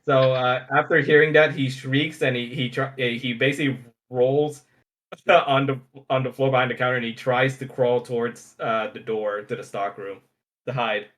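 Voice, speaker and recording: A man narrating as game master of a tabletop game, speaking haltingly with many restarts. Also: medium pitch, fairly even intonation, a bit bright. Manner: halting, full of fillers and restarts.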